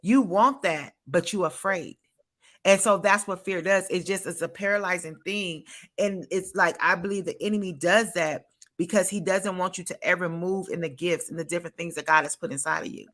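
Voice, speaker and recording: Emphatic woman podcast host, bright voice. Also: lowish voice, steady tone, moderate pace. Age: adult, a parent. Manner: emphatic, repeats phrases for effect. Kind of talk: faith-based podcast talk.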